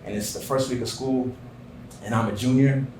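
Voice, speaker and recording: A man telling a personal story on stage at a live show, earnest and dropping to a hushed voice in tender moments. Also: medium pitch, fairly even intonation, moderate pace, background noise. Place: small theater stage. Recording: roomy live theater sound.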